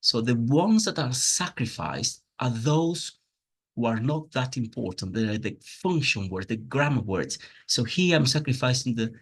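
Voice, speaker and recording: A man's voice: mid-range voice, lively intonation, measured pace, a bit bright, breathy edge. A man teaching a pronunciation lesson from slides, patiently explaining with spoken examples and plainly enthusiastic about teaching. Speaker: English teacher.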